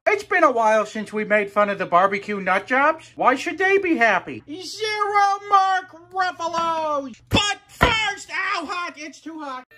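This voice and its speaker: A man in his thirties hosting a comedic cooking video, talking in a sardonic, deadpan, ranting way. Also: very high voice, moderate pace, few pauses, background noise. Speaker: cooking show host.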